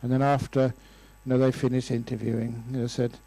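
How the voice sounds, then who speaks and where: A man's voice: mid-range voice, moderate pace, vocal fry, few pauses, dark tone, no echo, low-quality recording. A man in his sixties, a Buddhist monk, giving a humorous dharma talk and telling stories with playful voices. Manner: storytelling with playful voices and laughs. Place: lecture room.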